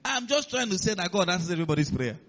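High-voiced emphatic male preacher. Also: big pitch swings, very fast, fairly bright tone, lo-fi sound. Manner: emphatic, calls on the congregation to respond. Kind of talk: sermon.

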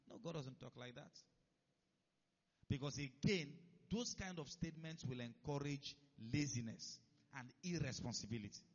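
A man's voice: a little high, expressive, normal speed, long pauses. A man preaching a sermon, who keeps stopping to check that his listeners are following. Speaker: pastor. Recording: dull lo-fi recording.

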